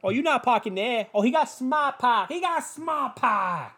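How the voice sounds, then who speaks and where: A man putting on an excited Boston man from a car commercial, with a Boston accent and drawn-out taunting exclamations. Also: extremely high pitch, husky, pitched above the performer's own voice, full character voice.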